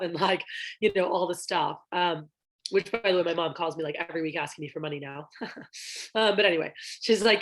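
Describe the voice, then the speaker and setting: With a fairly low, fairly bright voice and a slightly fast pace, this sales division trainer coaches managers in a relaxed, talkative style. She peppers her speech with ums and performs the dialogue she's quoting.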